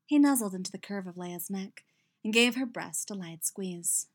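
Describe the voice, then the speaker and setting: A woman narrating a story in an unhurried, even reading voice. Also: medium pitch. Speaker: audiobook reader. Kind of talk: fan fiction narration.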